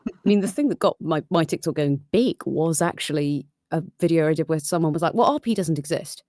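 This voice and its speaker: Woman with modern RP accent, low voice. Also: fairly quick, no echo, studio quality. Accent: modern RP with slight London sounds. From London, England. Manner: animated, acts out quoted voices. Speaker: audio drama maker on a livestream. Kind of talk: casual panel chat.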